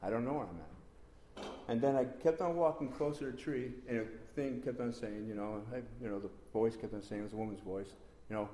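A man giving a rambling, repetitive spoken testimony in a church meeting room, breaking into sudden excited bursts. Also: medium pitch, fast talker, hardly any pauses, a little hiss or hum. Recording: roomy echo.

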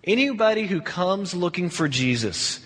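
Man, pastor, high husky voice, chatty sermon with restarts, long hall reverb. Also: very animated, normal speed, fairly bright tone. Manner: conversational, repeats words when restarting.

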